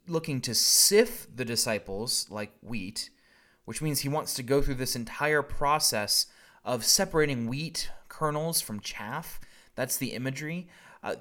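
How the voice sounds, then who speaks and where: A man's voice: medium pitch, a bit bright. Wry conversational male pastor. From Southern US. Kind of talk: recorded sermon.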